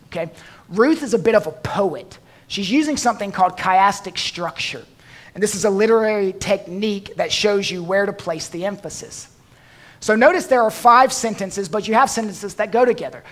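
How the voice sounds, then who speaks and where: A pastor preaching a sermon, slowing down and dropping his voice softly for emphasis, with dry touches of humor. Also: high voice.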